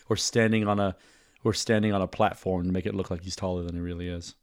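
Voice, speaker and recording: Low-voiced joking male podcast host. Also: steady tone, fairly quick, no echo, clean studio sound. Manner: jokey, playful banter. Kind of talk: casual chat.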